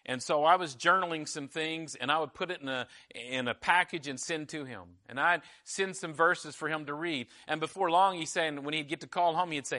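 A middle-aged man preaching a sermon, acting out quoted dialogue and swinging from loud preaching to hushed intensity. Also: fairly high pitch, moderate pace. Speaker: pastor.

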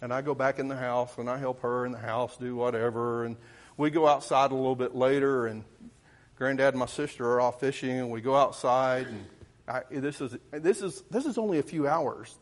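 In the middle of a sermon, a preacher tells a story from his childhood. His voice sits mid-range for a man and moves at normal speed, and his delivery is folksy and meandering, with frequent restarts and self-corrections.

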